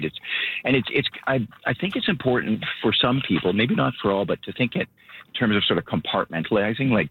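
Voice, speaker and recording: A man speaking as a local government spokesperson, out of breath and earnest, rambling with halting restarts. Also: deep voice, breathy edge. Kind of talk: phone interview. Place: outdoors at his vehicle. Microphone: phone. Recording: tinny phone line.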